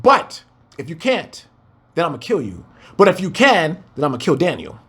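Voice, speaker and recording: A man's voice: a little high, huge pitch swings, moderate pace, pushed and bright, slightly rough, voice pushed down, heavily acted. A man playing an ancient king in slangy modern speech, incredulous and demanding. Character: blustering incredulous ancient king, male adult.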